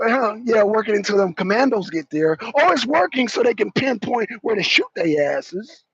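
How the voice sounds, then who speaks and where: A man with a very high, gravelly voice launches into loud, cursing, mocking rants as a talk show panelist. The sound is dry and close, with a dull, lo-fi tone. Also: animated, normal speed, no echo. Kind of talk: heated live-stream commentary.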